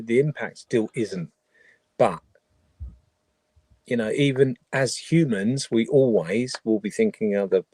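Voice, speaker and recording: A man's voice: fairly low pitch, mellow, breathy edge, dry recording. A man hosting a charity livestream, talking earnestly in a rambling way with many restarts. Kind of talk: casual livestream chat.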